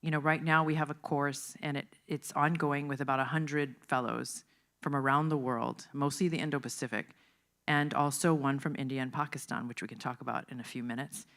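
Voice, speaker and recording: A woman's voice: very deep voice, steady tone, a little fast, fairly bright tone. Older female panelist, conversational and easygoing. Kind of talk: panel remarks.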